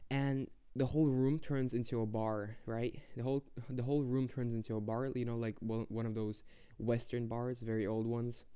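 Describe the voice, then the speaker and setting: A young man tells a long story in a loose, rambling way, swearing freely as he goes. His voice is mellow and warm with a smooth, resonant clarity. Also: medium pitch. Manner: rambling, profane, laid-back storytelling. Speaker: vlogger. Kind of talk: casual storytelling.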